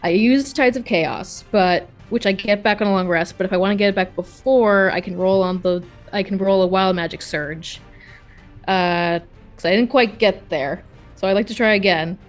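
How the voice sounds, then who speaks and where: Zögernde Spielerin am Rollenspieltisch. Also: female voice, mid-range voice, normal speed, faint music behind. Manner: hesitant, full of fillers and restarts. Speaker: player. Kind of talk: playing a tabletop game.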